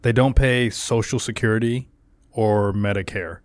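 A young man co-hosting a comedy podcast, rambling and halting with many fillers in casual chat. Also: lowish voice, fairly even intonation, no echo.

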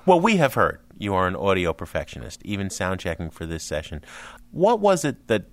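Man, radio co-host, low pitch, lively intonation, jokey. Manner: jokey, quick to laugh. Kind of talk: interview questions. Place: radio studio.

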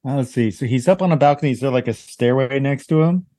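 A man's voice: mid-range voice, fast talker, mellow. A man taking part as a player in a tabletop game, laid-back and casual.

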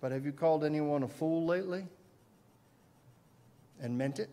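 Guy preaching a sermon, higher voice, gets loud then drops real quiet. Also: normal speed. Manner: dynamic, swinging between loud emphasis and quiet asides; asks the congregation questions. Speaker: pastor.

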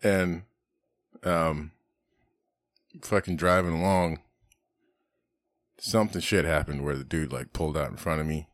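A man's voice: a bass voice, fairly even intonation, unhurried, pauses often, no echo, clean studio sound. A middle-aged man on a podcast, casually telling rambling stories full of swearing and laughter. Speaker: podcast host. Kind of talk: casual storytelling chat.

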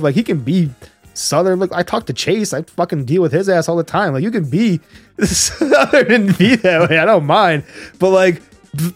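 A man co-hosting a casual podcast, ranting with animated, profane talk. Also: high voice, dry recording. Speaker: podcast co-host.

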